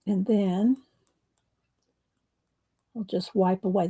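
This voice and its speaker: Painting her way through a mixed-media craft tutorial, this woman talks casually despite a hoarse, failing voice, frequently clearing her throat and murmuring to herself. Her mid-range voice has lively intonation and a dark tone, and she speaks a little slowly.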